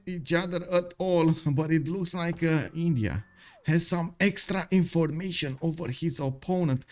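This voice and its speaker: A man's voice: on the high side, a little mellow. A man giving live strategy game commentary, chatty and full of fillers, greeting viewers by name as he goes.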